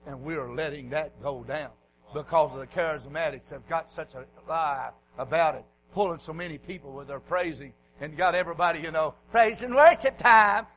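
Man, revival preacher, high voice, folksy, church, faint hum. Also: poor audio. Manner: folksy, swings from low murmurs to hoarse shouting. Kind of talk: revival sermon.

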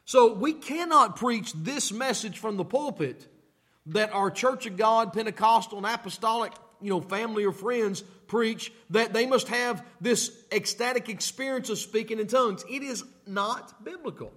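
A man's voice: high-pitched, moderate pace, bright, forceful tone. A male pastor preaching a sermon, emphatic, repeating phrases and asking the congregation questions.

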